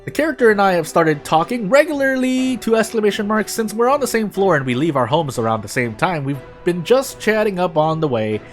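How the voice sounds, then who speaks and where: A man's voice: high-pitched, very animated, a little fast, few pauses, faint music behind, pitched above the performer's own voice. A man doing a lonely young diary-writing woman. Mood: excited, uneasy. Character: lonely anxious young woman office worker keeping a diary.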